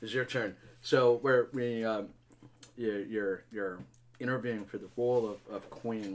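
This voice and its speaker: A man hosting a board game stream, playfully interviewing players in a mock-formal way and repeating words in quick bursts. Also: on the low side, steady tone.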